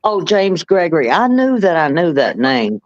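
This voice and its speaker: A man's voice: fairly high pitch, big pitch swings, moderate pace, dry recording, muffled recording. A man with a Southern US accent, chatting casually and telling stories with dry teasing. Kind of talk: casual chat.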